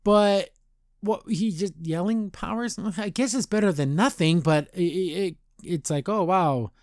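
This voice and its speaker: Rambling podcast host, higher male voice. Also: darkish tone, no room sound, studio quality. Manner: rambling, loose retelling with frequent restarts and fillers; slips into quick paraphrased character voices. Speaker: podcast host reviewing a cartoon episode. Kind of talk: casual episode recap.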